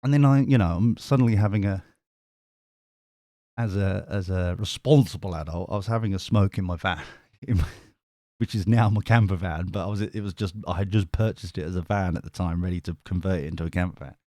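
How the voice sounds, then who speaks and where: Low, mellow man rambling. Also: a little fast, no echo, clean studio sound. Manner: rambling, full of restarts and casual swearing. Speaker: tarot reader and live streamer. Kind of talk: casual storytelling on a live stream.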